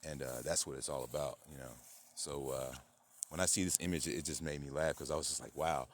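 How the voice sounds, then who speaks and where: A channel host delivers a rambling monologue packed with fillers, suddenly bursting into loud, high-pitched mock voices. He speaks a little fast in a steady tone, with a little hiss or hum in the audio.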